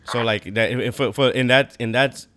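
A man's voice: medium pitch, steady tone, moderate pace, a bit bright. A man chatting casually on a podcast, rambling and searching for words with many fillers. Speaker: podcast co-host. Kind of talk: casual chat.

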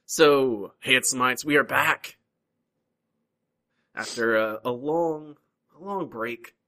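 A man's voice: medium pitch, slow, pushed and bright. A young adult man hosting a podcast in casual chat, laughing often. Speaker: podcast host.

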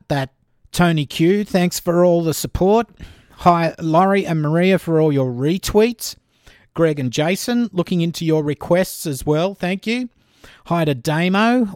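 Casting: male podcast host, slow and unhurried, slightly high voice, dry close sound. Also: clean tone, no echo. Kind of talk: casual podcast chat.

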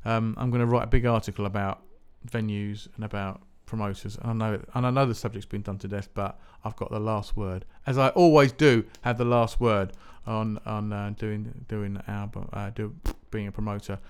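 A man's voice: lowish voice, fairly even intonation, moderate pace, few pauses, smooth. A man hosting a music podcast, talking in a rambling, chatty, self-mocking way with lots of restarts. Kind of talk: casual solo podcast chat.

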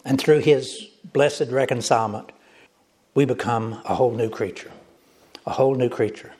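A man's voice: medium pitch, normal speed, a little mellow. A male pastor preaching a sermon, emphatic and repetitive, speaking directly to the congregation.

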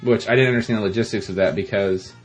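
A man co-hosting a podcast in casual chat, excitable and prone to stammering restarts. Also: fairly low pitch, quick pace, breathy edge, faint music behind. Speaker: podcast co-host.

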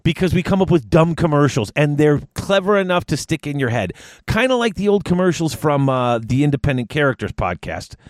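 A man hosting a podcast, bantering loudly and joking at his own expense. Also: on the high side, very animated, fairly quick, dry recording. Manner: boisterous, self-mocking banter. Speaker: podcast host.

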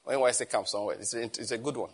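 A man preaching a sermon as pastor, animated and emphatic, often firing rhetorical questions. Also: mid-range voice, very fast, breathy edge.

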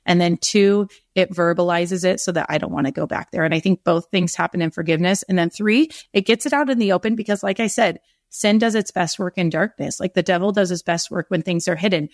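A woman's voice: on the low side, no room sound, studio quality. A middle-aged woman speaking as a guest author in a podcast interview, earnest and rambling, often correcting herself.

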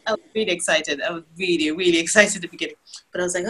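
A woman in her thirties, a guest in an interview, telling a long personal story in a casual, animated way and acting out her own past lines. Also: on the low side, very fast, rough recording.

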